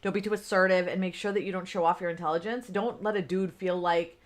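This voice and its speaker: A woman's voice: lowish voice, steady tone, brisk. A woman in her forties, a business coach, talking off the cuff on a livestream, chatty, with lots of fillers, greeting viewers by name. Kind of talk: unscripted livestream talk.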